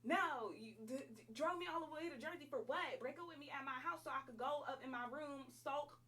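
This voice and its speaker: A woman's voice: high-pitched, fairly quick, bright, forceful tone, far from the mic, a little hiss or hum. A woman in her twenties telling a personal story at home, casual, slangy and emphatic. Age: 20s. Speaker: vlogger.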